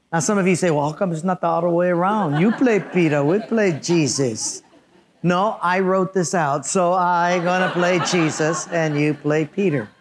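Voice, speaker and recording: High-voiced pastor preaching. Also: male voice. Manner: playful, conversational, addresses congregation directly. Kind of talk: sermon.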